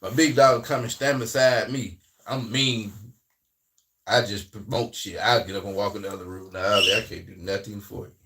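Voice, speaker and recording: A man with a Southern US accent hosting a casual livestream, talking in a loose, rambling way that swings between loud and quiet. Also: lowish voice, fairly even intonation, moderate pace, distant mic. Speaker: livestream host.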